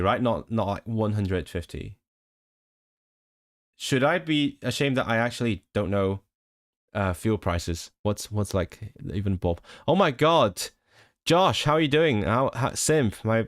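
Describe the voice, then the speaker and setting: A man's voice: mid-range voice, big pitch swings, unhurried. A man chatting casually with his live-stream viewers, rambling with frequent laughs and restarts.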